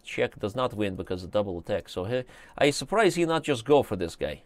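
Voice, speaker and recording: A man's voice: on the low side, very animated, a little fast, no echo. A man doing Uncle Sasha, mock-Russian chess guy. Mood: amused. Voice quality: broken English, quiet and muttering. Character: Uncle Sasha, joking older male Russian chess commentator.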